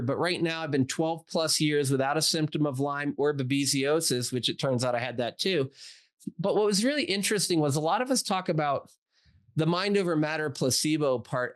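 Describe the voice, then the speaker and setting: A man in his forties, a doctor interviewed as a guest, shares a personal story casually and with animation. He plays out the quoted dialogue, uses "like" a lot, and his voice runs on the high side.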